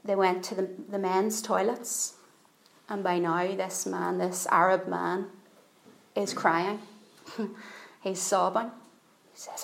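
A woman's voice: mid-range voice, flat delivery, takes it slowly, creaky, pauses often, echoey room, low-quality recording. A woman preaching a sermon, telling a story earnestly and repeating phrases for emphasis.

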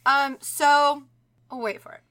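A young woman casually telling a haunted doll story on a podcast, animated and swearing, often laughing. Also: sits high, slow.

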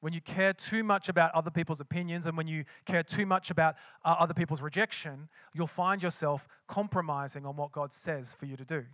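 Male pastor, sermon delivery, emphatic and repetitive, slightly high voice, dry muffled sound. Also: fairly even intonation, fairly quick, hardly any pauses, a bit bright, no echo. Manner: acts out imagined voices of believers.

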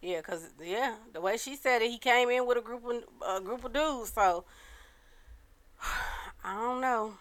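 Lady on a podcast, high bright voice, blunt and laughing a lot. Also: measured pace, long pauses. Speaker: podcast co-host. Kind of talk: casual chat.

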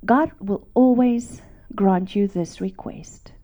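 A woman giving an emotional Christian testimony, repeating words for emphasis and often dropping to a hushed whisper. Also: mid-range voice, takes it slowly, highs cut off. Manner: drops to hushed whispers, then rises to emphatic repetition.

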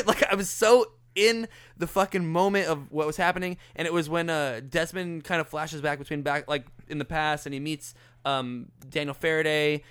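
A man co-hosting a podcast, telling stories in an animated way and swearing freely in casual chat. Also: fairly high pitch, moderate pace, clean tone, dry recording. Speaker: podcast co-host.

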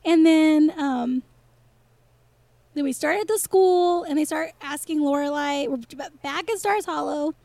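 A woman's voice: sits high, unhurried, vocal fry, dark tone, dry recording. A chatty woman co-hosting a podcast, rambling and laughing as she recaps a TV episode in casual chat. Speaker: podcast co-host.

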